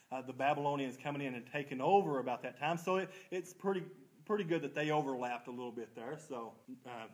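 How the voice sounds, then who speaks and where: A man's voice: a little high, poor audio. A man leading a church Bible study, folksy and self-deprecating, quizzing the class and answering his own questions.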